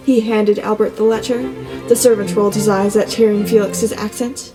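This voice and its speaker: Female audiobook narrator with a steady, flat delivery, recorded in a reverberant space. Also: medium pitch, moderate pace. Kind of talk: scripted storybook narration. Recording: long reverb, soft music beneath.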